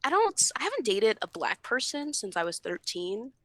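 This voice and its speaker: A woman's voice: a little high, big pitch swings, moderate pace, a bit bright, no echo. A young adult woman co-hosting a podcast, telling a story in casual chat, candid and loose with fillers and frequent laughter. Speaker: podcast co-host.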